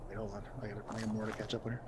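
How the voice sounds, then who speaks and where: A man's voice: lowish voice, level tone, racing, a little hiss or hum, poor audio. A young man giving rambling, casual commentary as he plays and chats with viewers, swearing now and then. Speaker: streamer.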